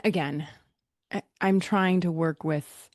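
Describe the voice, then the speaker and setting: A woman hosting a podcast in casual chat, an animated storyteller who acts out voices and laughs often. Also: fairly low pitch, slow, no echo, studio quality. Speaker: podcast host.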